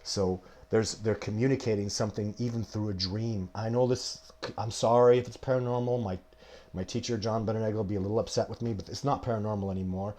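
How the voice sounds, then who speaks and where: Speaking quickly in a lowish, darkish voice with steady intonation, this forties-aged male host answers questions from his live audience. He's emphatic and wanders onto tangents as he chats, coughing every so often.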